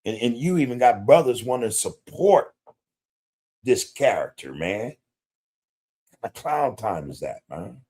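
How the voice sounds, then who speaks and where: A man's voice: mid-range voice, big pitch swings, unhurried, pauses often, warm tone, slightly rough. A man hosting a podcast livestream, talking bluntly in street slang with plenty of profanity and greeting viewers in the chat. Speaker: podcast host. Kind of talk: casual livestream commentary.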